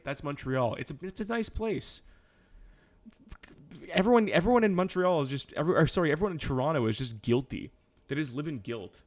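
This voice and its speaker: Expressive and on the high side, this man's voice runs a little fast. He rambles casually on a live stream, throwing in curse words and correcting himself mid-thought.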